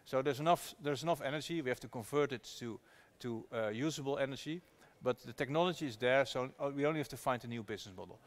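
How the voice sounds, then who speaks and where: A man tells a story as a guest at a live discussion. His voice sits at an ordinary middle pitch. He talks earnestly and animatedly, often restarting his sentences. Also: fast talker, few pauses. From Netherlands. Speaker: activist investor guest. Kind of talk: storytelling conversation at a public talk.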